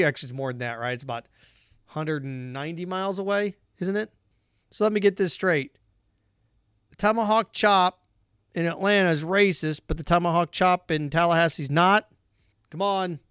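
A man's voice: sits high, fairly bright tone, smooth, no room sound, studio quality. A man hosting his own podcast, delivering a sarcastic, repetitive opinion rant straight to his listeners. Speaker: podcast host.

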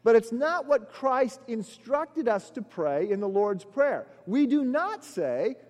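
A man's voice: very high-pitched, big pitch swings, takes it slowly, a little mellow. A middle-aged man preaching a sermon. He tells stories with frequent "uh" fillers and builds his emphasis as he goes. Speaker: pastor. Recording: long echoey hall reverb.

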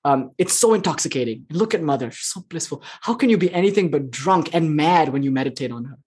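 A spiritual teacher giving an informal lecture with chanting, talking in an animated, flippant, joking way and swearing casually. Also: medium pitch, fast talker, slightly rough. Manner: animated and expressive.

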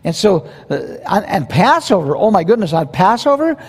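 A pastor preaching a verse-by-verse sermon in a conversational, animated way, with quoted asides. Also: male voice, high-pitched, normal speed, husky, long reverb tail.

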